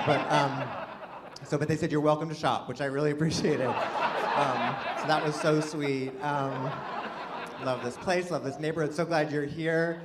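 A man's voice: on the high side, fairly even intonation, normal speed, heavy background noise. A man doing a rambling, self-deprecating stand-up set, chatting with the crowd. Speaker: stand-up comedian. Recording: live venue with audience laughter.

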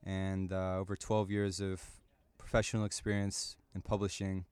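A man from the Chicago area giving a measured, prepared talk on the radio, with occasional fillers and self-corrections. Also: low-pitched, completely flat delivery, darkish tone, clear, resonant tone, no room sound. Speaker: radio presenter and publisher.

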